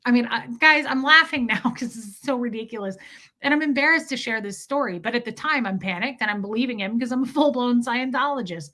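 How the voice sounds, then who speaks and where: A woman hosting a livestream, telling a personal story in a candid, animated way and breaking off now and then to greet viewers in the chat. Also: fairly high pitch, fairly quick. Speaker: livestream host.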